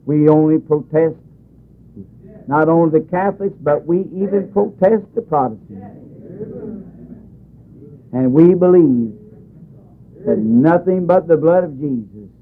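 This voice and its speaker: A man preaching a communion sermon in a folksy, dramatic way that climbs high and loud as he tells a story. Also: unhurried, pauses often. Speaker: pastor. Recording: tinny lo-fi phone-like recording with faint music.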